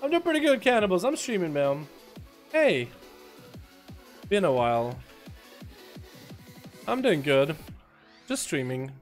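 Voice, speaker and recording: Excitable young-sounding streamer calling fights. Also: male voice, high voice, unhurried, pauses often, soft background music. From Russia. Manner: excitable play-by-play, joking, casual slang. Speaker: livestream host and duel commentator. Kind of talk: live game commentary and chat talk.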